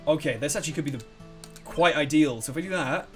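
A young man commentating a game, rambling and excitable, swearing freely. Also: a little high, fast talker, faint music behind. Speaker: let's play host. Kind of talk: gameplay commentary.

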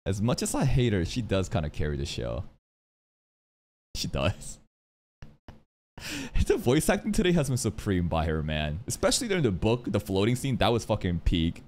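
Brief: male streamer, reaction commentary, lively swings in pitch, profane, quick asides. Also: slight background noise. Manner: animated, swears freely, jumps between high mock voices and low asides. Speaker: streamer reacting to an anime episode.

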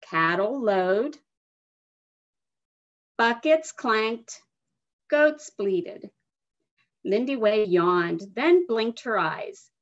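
A woman slowly and expressively reading a picture book aloud to children over a video call. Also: a little high. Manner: slow, expressive storytelling with soft asides. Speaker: guest reader. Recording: dull lo-fi video call audio.

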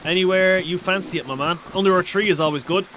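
A man streaming a survival game, chatting excitably with a teammate and shouting out viewers' chat messages. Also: high-pitched, quick pace, slight background noise, rough recording. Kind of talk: casual gaming livestream chat.

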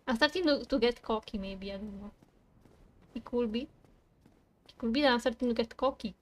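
High-pitched woman cursing at a game. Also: normal speed. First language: Italian. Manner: swears and laughs at the game, shouts in frustration. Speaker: streamer. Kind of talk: casual gaming stream.

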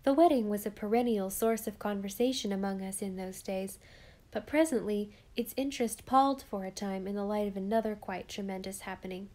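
A woman narrating a classic novel as an audiobook in a steady, measured reading. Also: mid-range voice.

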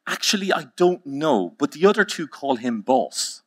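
A man's voice: on the high side, big pitch swings, normal speed, a little hiss or hum, voice pushed up. A man voicing a chatty Irish barman in a joke he tells, drawling and matter-of-fact. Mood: deadpan.

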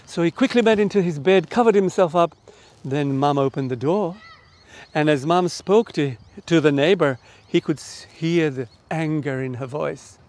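A middle-aged Australian man telling a children's story in an online church service, with lively, animated delivery and direct questions to the listeners. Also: a little high, normal speed.

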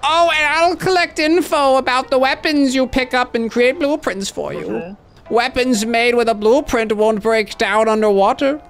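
A man voicing a nerdy, smug young male weapons maker in a high, nasal put-on voice, pompous and full of smug asides. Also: gravelly, fairly bright tone, heavily acted.

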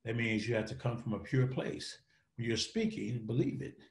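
A man giving a motivational talk in an interview, speaking in a dynamic, preacher-like way that swings between loud and soft. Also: mid-range voice, moderate pace. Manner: dynamic, preacher-like delivery with sweeping shifts in loudness.

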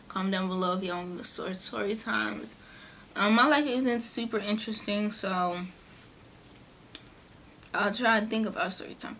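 A young woman vlogger, chatting casually through a storytime and acting out the people in it. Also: a little hiss or hum. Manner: chatty, animated, acts out quotes in a higher voice. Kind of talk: casual storytime during a mukbang.

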